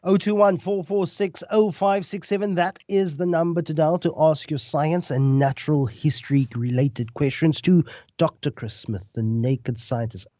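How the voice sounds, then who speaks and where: Mellow-voiced male radio host. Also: fairly high pitch, steady tone, no echo, dull audio. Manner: brisk, reads out the phone number and moves to the next caller. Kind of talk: radio presenting.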